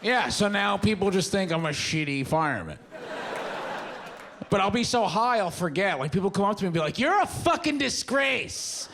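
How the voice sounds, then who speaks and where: A young man works a stand-up crowd in a slightly raised voice. His delivery is loose and mumbly, with pitch that swings widely whenever he acts out a line. A faint background hum sits under the stage mic. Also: animated, fairly quick, fairly bright tone. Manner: loose, mumbly storytelling with acted-out quotes. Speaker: stand-up comedian. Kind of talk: stand-up comedy set. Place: theater stage with a live audience.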